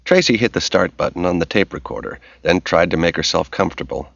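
Deep-voiced man reading a novel. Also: lively intonation, fast, creaky, fairly bright tone, dry recording. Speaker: audiobook narrator. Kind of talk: scripted narration. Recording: dull lo-fi recording.

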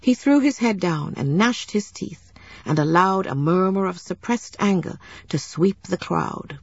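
This audiobook narrator, a woman with a fairly low, husky voice, tells a novel's story in a steady, measured way. The recording is dull and lo-fi, with no room sound.

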